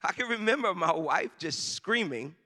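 A man preaching in a church, with a high, bright voice. He tells his story conversationally and pushes into shouted emphasis. His voice rings with the long reverb of a big hall. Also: expressive, normal speed. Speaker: pastor. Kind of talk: sermon with personal story.

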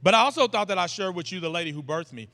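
Guy in his 30s preaching at church, bright smooth voice, long hall echo. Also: sits high, racing. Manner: folksy, joking, animated storytelling. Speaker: guest preacher. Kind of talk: informal sermon introduction. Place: church sanctuary.

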